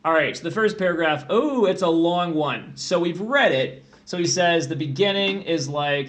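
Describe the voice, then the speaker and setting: A man's voice: a little high, animated, normal speed, hardly any pauses, fairly bright tone. A man tutoring test prep on a livestream, joking and thinking aloud while he reads through questions.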